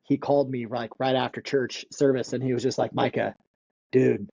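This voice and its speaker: Excitable man, dry lo-fi sound. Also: medium pitch, moderate pace, gravelly, breathy edge, no echo. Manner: excitable, repeats words, laughs often. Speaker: podcast guest. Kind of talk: casual interview chat.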